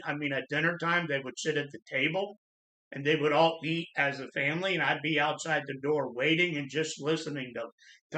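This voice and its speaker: Earnest man telling his story, bright voice. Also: a little high. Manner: earnest, plain-spoken, halting with restarts. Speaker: channel host sharing personal trauma story. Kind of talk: personal storytelling monologue. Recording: echoey room.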